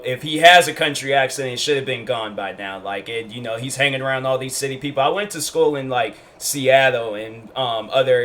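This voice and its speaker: Young man, bright tone, casual storytime vlog, rambling delivery. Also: mid-range voice. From Washington State, US. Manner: rambling, lots of fillers and restarts. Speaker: YouTuber.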